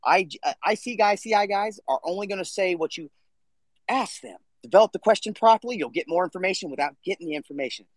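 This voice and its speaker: A man's voice: sits high, lively intonation, quick pace, dry recording. A man hosting a casual live audio chat, talking bluntly and swearing freely. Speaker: podcast host.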